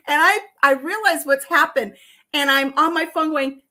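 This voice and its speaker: A woman's voice: high-pitched, a little slow, pushed and bright. A woman hosting a casual home vlog, chatting and telling stories with a lot of laughter. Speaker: vlog host. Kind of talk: casual chat while tasting tea.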